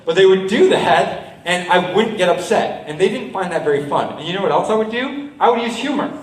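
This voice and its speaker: A man giving a lively motivational talk to a school assembly as a speaker and juggler, often checking in with "right?" and "okay?". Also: sits high, fairly quick. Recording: roomy hall, mic from a distance.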